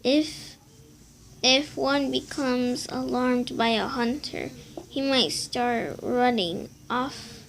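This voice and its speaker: A woman reading a children's book aloud slowly and carefully, with hesitant restarts. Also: high voice, gravelly, slight background noise. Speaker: co-reader.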